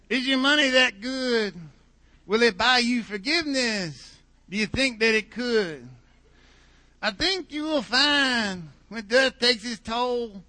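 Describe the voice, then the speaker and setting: A man doing an impression of a famous male folk singer, drawing out his words slowly. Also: very high voice, bright, forceful tone, dry recording, voice pushed up, full character voice.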